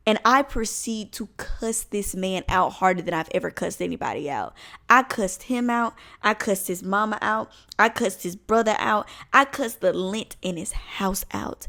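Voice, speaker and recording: A woman in her twenties spins a storytime for her vlog in a lively, comic way, swearing freely. Her voice sits at a middle pitch, and her delivery is animated and expressive. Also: moderate pace. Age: 20s. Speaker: vlogger.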